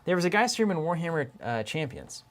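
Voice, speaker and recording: A man's voice: a little high, very animated, a little fast, a crowd in the background. Chatty man reading viewer comments. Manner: chatty, laughs often, reads names aloud. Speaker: co-host of a card game stream. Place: office.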